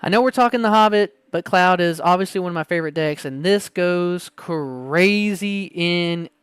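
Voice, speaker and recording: A man hosting a casual card-opening video, chatting excitably and reading card text aloud. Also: high-pitched, normal speed, clear, resonant tone, no room sound, clean studio sound. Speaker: card-opening channel host. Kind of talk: casual unboxing chat.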